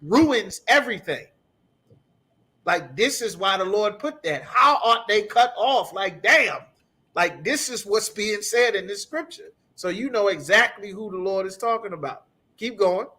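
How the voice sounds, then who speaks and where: A man's voice: sits high, expressive, measured pace, pushed and bright, breathy edge. A man teaching a scripture class, ranting in an emphatic, profane, repetitive way. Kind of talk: heated scripture breakdown.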